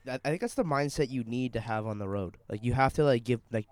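A man's voice: mid-range voice, quick pace, darkish tone, no room sound. A young man, chatting on a casual podcast, laid-back, laughing often and swearing. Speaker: podcast co-host. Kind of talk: casual chat.

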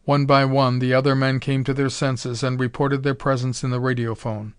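A man reading an adventure story aloud in a steady audiobook narration. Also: medium pitch, moderate pace, clean tone, dry recording, clean studio sound.

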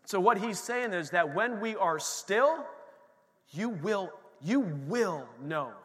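A man's voice: high voice, lively intonation, takes it slowly, fairly bright tone. A man preaching a sermon in a church, emphatic and repetitive as he builds intensity. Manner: emphatic preaching, repeating phrases with rising intensity. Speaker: pastor. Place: church sanctuary. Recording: long hall reverb.

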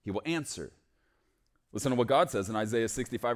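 A man preaching a sermon, swinging from loud, emphatic declarations to soft, hushed storytelling. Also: mid-range voice, fast.

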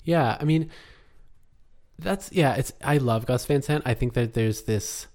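A man's voice: mid-range voice, a little slow, a little mellow. A man co-hosting a casual chat about a film, talkative, laughing often and trailing off mid-sentence. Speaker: podcast co-host.

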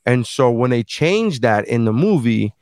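A man hosting a casual streamed chat, rambling through his opinions with plenty of swearing and self-deprecation. His voice sits at an ordinary pitch and sounds dry and close to the mic. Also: very animated, unhurried, darkish tone, no room sound. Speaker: podcast host.

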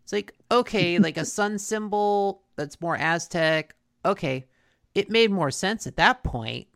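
This co-host summarizes a cartoon episode in a casual, wandering chat, full of filler words and repeated restarts. Her voice is expressive, medium-pitched, and fairly bright, and she keeps a measured pace.

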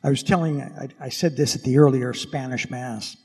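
A priest giving a Christmas Eve homily in a dramatic storytelling manner, recorded in a large church. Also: male voice, mid-range voice, steady tone, moderate pace, a little mellow, slightly rough. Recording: echoey church with long reverb.

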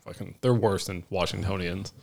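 A man from Florida co-hosting a podcast, ranting in casual chat with lots of swearing and deadpan complaints. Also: low voice, normal speed, vocal fry. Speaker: podcast co-host.

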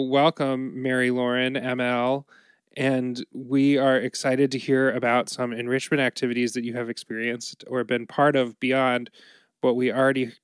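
Very low-voiced woman co-host. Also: clean tone, no room sound. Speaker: podcast co-host. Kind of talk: casual podcast chat.

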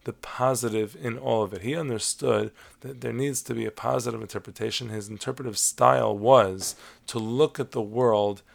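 A man giving a measured, explanatory Torah lesson, weaving Hebrew terms into his teaching. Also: mid-range voice, fairly even intonation, gravelly. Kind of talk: lecture-style lesson on Talmud stories.

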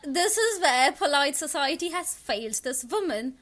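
A woman's voice: high voice, expressive, moderate pace, fairly bright tone. A woman co-hosting a casual chat, giving sassy, joking commentary on news stories. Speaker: co-host.

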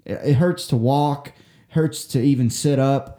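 A man's voice: mid-range voice, a little slow, warm tone. Swearing young man spinning a rambling story. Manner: profane, rambling storytelling with many restarts. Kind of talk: casual chat. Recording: echoey room.

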